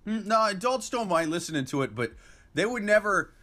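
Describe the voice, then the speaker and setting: A hungover Midwestern man with a bright, forceful, fairly high voice trading crude jokes on a podcast. He swears freely and keeps the banter loose. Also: animated, brisk. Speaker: podcast co-host. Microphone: earbud in.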